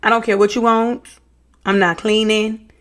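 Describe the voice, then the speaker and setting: A woman's voice: a little high, flat delivery, moderate pace, a bit bright. A young woman giving casual reaction commentary, reading text messages aloud and adding sassy asides, often calling people baby and honey. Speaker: true-crime reaction vlogger.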